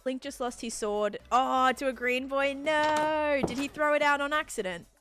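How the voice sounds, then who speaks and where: A young woman streams a game live and talks to her chat in a loose, rambling way, full of fillers. She sometimes slows down to explain things patiently. Soft music plays faintly behind her. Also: high-pitched. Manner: rambling and chatty, many "like" fillers. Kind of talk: casual live gameplay chat, answering viewers.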